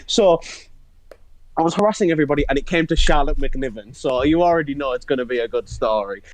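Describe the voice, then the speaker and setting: A man's voice: on the high side, fast talker, no echo, rough recording. A young man, co-hosting a podcast and telling a funny story in casual chat, laughing often. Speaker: podcast co-host.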